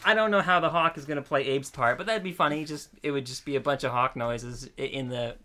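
A man's voice: mid-range voice, brisk, pushed and bright. A man hosting a casual podcast chat, talking loosely, laughing often and tripping over repeated words. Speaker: podcast host.

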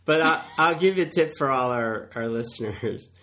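A man as a podcast guest, chatting casually and telling animated stories, acting out what people said. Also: medium pitch, normal speed. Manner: animated storyteller acting out quoted dialogue. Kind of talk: casual chat.

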